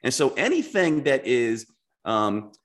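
A man talks on a podcast in a reflective, earnest way, breaking his thoughts into clear steps. His pitch moves freely up and down as he explains. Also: big pitch swings, slow, a bit bright. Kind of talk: casual podcast conversation.

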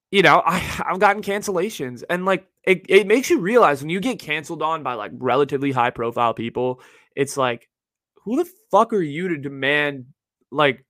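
A young man hosting his own podcast, talking casually and with profanity about his first year, in an animated, slangy storytelling way. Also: on the high side, no room sound. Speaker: podcast host. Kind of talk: solo podcast reflection.

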